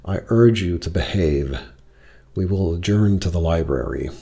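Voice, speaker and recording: A man reading the lines of a formal, commanding wealthy father who speaks stiffly and in measured phrases. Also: low-pitched, creaky, dark tone, husky, heavily acted. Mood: stern.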